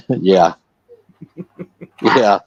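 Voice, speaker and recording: A man hosting a live stream in a relaxed way, retelling a witness's account and quoting his words. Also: low-pitched, drawn-out words, breathy edge, no echo, highs cut off. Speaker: host.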